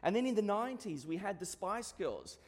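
A man's voice: high voice, very animated, a little fast. A man in his forties with an Australian accent, preaching a sermon in a conversational, storytelling way. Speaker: pastor. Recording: long reverb of a hall.

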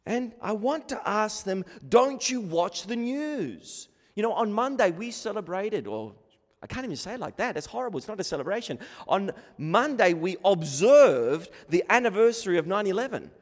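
An Australian man preaches with earnest emphasis, his voice sitting high for a man. He repeats words and restarts phrases as he presses his points. The sound carries a long reverb, as if he speaks in a large hall. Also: sing-song, a little fast. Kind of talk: sermon.

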